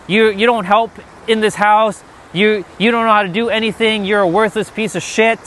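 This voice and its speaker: A man's voice: high voice, steady tone, normal speed, slight background noise, voice pushed up. A man mimicking a drunk, raging father. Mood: angry. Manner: shouting insults. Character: drunk, furious middle-aged father yelling.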